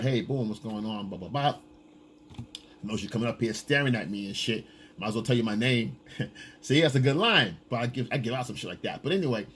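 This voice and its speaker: A man's voice: mid-range voice, a bit bright, a little hiss or hum. A man giving blunt, profane, lecturing dating advice in a casual coaching monologue.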